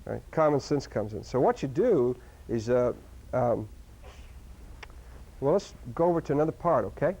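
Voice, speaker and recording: Animated male seminar speaker, dull lo-fi sound. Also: mid-range voice, normal speed, long pauses. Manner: animated, with sudden loud outbursts and many restarts. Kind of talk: live seminar talk to an audience. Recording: dull lo-fi recording.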